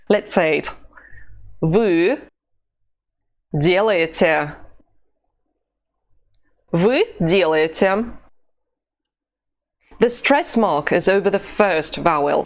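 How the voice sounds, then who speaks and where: A woman teaching an online language lesson, pronouncing drill phrases slowly and deliberately. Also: on the low side. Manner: slow, deliberate drill pronunciation.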